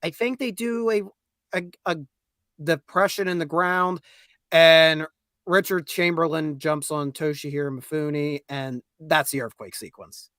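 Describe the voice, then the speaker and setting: Guest guy on a review stream, bit higher voice, dry close sound, wry asides. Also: measured pace, a bit bright, dry recording. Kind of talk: casual live show review.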